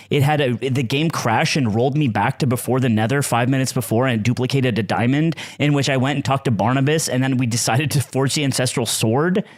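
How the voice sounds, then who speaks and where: A young man telling rambling stories on a podcast, laughing and swearing as he goes. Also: mid-range voice. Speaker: podcast regular. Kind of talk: casual storytelling chat.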